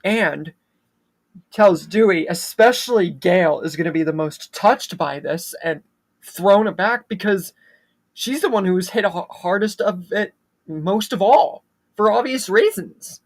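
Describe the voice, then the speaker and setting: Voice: medium pitch, animated, a little slow. A channel host casually retelling a fan-made horror story, with loose fillers between plot beats.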